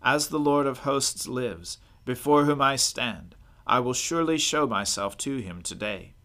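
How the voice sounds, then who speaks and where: A man voicing a bold, defiant male prophet in a scripture reading, declaiming loudly and forcefully. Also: medium pitch, unhurried. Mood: commanding.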